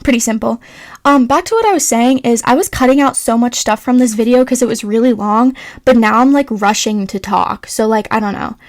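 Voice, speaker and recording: A woman's voice: fairly high pitch, fairly quick, no echo, clean studio sound. A young woman chatting through a makeup tutorial voice-over, rambling and self-mocking, full of "like" and "um". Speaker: beauty vlogger. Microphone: voice-over recorded separately.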